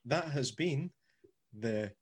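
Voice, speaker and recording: Scottish male co-host; teasing, relaxed, does the sign-offs. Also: mid-range voice, extremely slow, slightly rough. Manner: teasing, wraps up the show. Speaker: podcast co-host. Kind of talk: casual chat.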